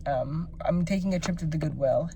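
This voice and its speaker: A woman's voice: low voice, a little fast, creaky, background noise. A woman vlogging to her phone, venting at length in a rambling, exasperated way with lots of filler words. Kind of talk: personal vlog rant.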